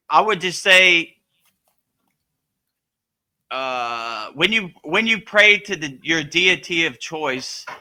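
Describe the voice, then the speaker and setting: A man's voice: fairly high pitch, sharp tone. A man who teaches yoga, speaking in a loose, rambling and earnest way, answering a question in a casual spiritual talk. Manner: loose, rambling, full of "you know" and "like"; earnest and emphatic.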